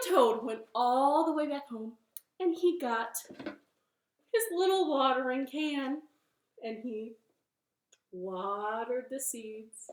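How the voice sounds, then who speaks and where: Woman doing a kids' storytime read-aloud, slow and playful, echoey living room. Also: high-pitched. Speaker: library storytime reader.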